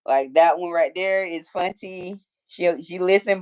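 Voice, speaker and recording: Speaking at a normal speed in a low, slightly mellow voice, this Detroit-accented livestream host in her forties reads out viewer comments and chats casually. She keeps things playful, with plenty of trash talk.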